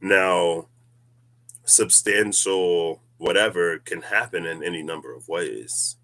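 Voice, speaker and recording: A man's voice: low-pitched, takes it slowly, a bit bright. A man giving a casual tarot reading vlog, musing and rambling through spiritual ideas with frequent laughs. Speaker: tarot reader.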